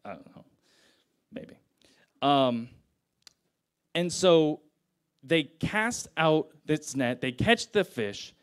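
Animated young male preacher. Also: a little high, very slow, long pauses, smooth. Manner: casual and conversational, paraphrasing scripture in slang. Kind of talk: sermon.

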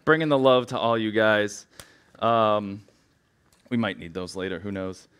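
Bright-voiced nervous man chatting from the pulpit. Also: fairly low pitch, measured pace, clean tone. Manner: chatty, rambling, self-deprecating, many "like" fillers. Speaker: church speaker. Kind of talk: casual sermon opening. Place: church sanctuary.

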